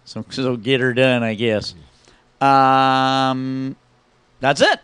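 A man's voice: mid-range voice, level tone, extremely slow, a bit bright, smooth, dry recording. Middle-aged guy hosting a talk radio show, casual storytelling, does the other guy's voice, dry mic. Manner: storytelling, acts out both sides of conversations.

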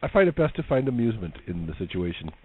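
A man co-hosting a casual chat show, amused and animated. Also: on the low side, fast, narrow, tinny audio, slight background noise. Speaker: co-host.

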